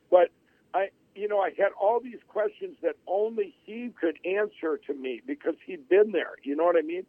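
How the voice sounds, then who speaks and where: A man's voice: fairly high pitch, moderate pace, no echo. Man telling his story over a tinny line. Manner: rambling, with many restarts and acted-out quotes. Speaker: interview guest. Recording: tinny phone-line audio.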